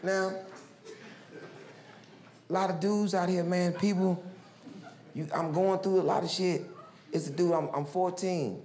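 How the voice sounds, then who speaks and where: A man's voice: a little slow, long pauses. A man doing stand-up storytelling, acting out street characters with big swings in his voice. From Houston, Texas. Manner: animated, acts out characters with big pitch swings. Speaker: stand-up comedian. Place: large live comedy venue. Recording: roomy live stage recording with loud crowd noise. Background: audience laughter.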